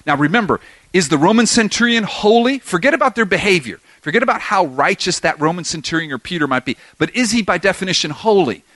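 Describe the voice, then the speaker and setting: Man preaching, emphatic, lively pitch, bright tone, dry close sound. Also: fast, no room sound. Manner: emphatic, rhetorical questions to the audience. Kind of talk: expository sermon.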